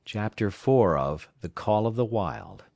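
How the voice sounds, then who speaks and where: In a fairly low voice with some vocal fry, a South Carolinian narrates an audiobook at a steady, measured pace. It's a dry, close recording with no room sound.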